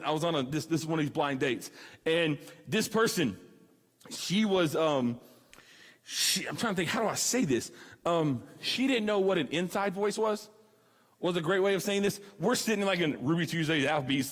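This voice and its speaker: A man in his thirties giving a comic youth sermon, acting out the voices in his stories. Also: high-pitched. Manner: animated storyteller, acts out dialogue. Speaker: student ministry speaker. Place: church hall. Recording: long hall reverb.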